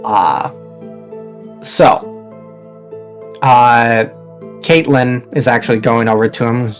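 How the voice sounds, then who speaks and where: A man's voice: medium pitch, steady tone, takes it slowly, pauses often, soft background music. A man narrating a tabletop game as game master, in a casual, rambling way with many fillers.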